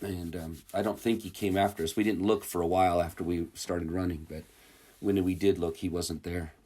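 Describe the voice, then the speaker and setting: A man's voice: low-pitched, steady tone, normal speed, a little mellow. A man telling his missionary stories in a casual interview, rambling and chuckling, with many fillers and restarts.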